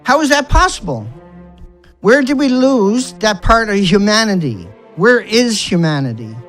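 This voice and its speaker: An environmental activist vlogger delivers an angry, outraged rant, hurling rhetorical questions and strings of insults with some swearing. His high voice swings widely in pitch, runs a little slow, and sounds a bit bright. Soft music plays in the background.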